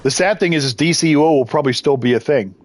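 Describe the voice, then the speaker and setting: A man's voice: fairly high pitch, fast talker. A man streaming a game live, chatting casually and swearing freely between fits of giggles. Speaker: gaming streamer.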